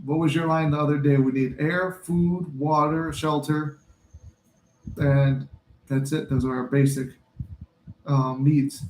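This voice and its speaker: A man's voice: on the high side, fairly even intonation, unhurried, long pauses, roomy sound, a little hiss or hum. A man hosting a casual live chat who jokes, laughs often and acts out movie scenes. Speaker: podcast host.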